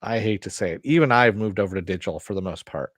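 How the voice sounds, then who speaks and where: Talking fast in a fairly low but slightly bright voice, a middle-aged streamer fields viewer questions. His delivery is rambling and profane, full of restarts. The recording is dry.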